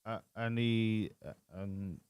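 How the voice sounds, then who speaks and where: A man's voice: fairly low pitch, steady tone, slow pace, background noise. A man giving casual, sweary, joking commentary while live-streaming a racing management game.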